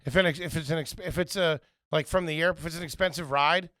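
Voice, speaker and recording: A joking man with a bright, ringing, slightly high voice fires off quick questions and swears casually. He is recorded close and dry. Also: steady tone, no room sound. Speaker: podcast co-host. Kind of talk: casual comedic chat.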